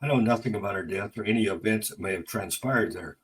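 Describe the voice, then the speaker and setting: Man reading gentleman, about forty, formal, courteous, apologetic, low voice, audio story. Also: quick pace, slightly rough, poor audio.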